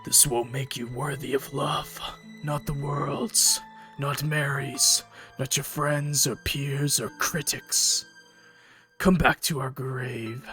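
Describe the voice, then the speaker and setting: A man voicing a weary undead figure in a game, speaking slowly and low in a hoarse, raspy, tired voice. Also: fairly even intonation, bright, forceful tone, faint music behind. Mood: weary, hollow. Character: weary undead man's hollow rasping voice.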